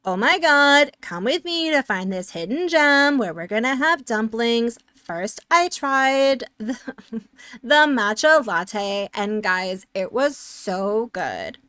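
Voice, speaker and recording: A woman's voice: on the high side, expressive, pushed and bright, clear, resonant tone, dry recording, full character voice. A woman doing a gushing ditzy influencer girl. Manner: gushing, drawn-out valley-girl delivery. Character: ditzy young female city influencer.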